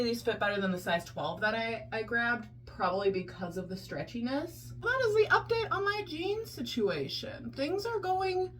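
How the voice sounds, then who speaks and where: A woman's voice: medium pitch, a bit bright, a little hiss or hum. A woman chatting casually in a vlog, chatty and self-deprecating, talking through her day. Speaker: vlogger.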